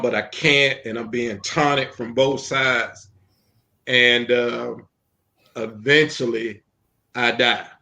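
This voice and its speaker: A man who is a minister, telling his personal testimony in an interview in an earnest storytelling way with frequent pauses and ums. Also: medium pitch, bright, forceful tone.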